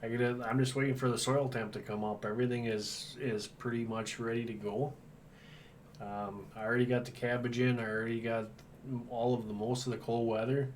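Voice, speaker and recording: A Wisconsin man hosts a homesteading channel's livestream, chatting casually in an easygoing, rambling way. His medium-pitched voice is flat and a little fast. The mic is distant, with faint background noise.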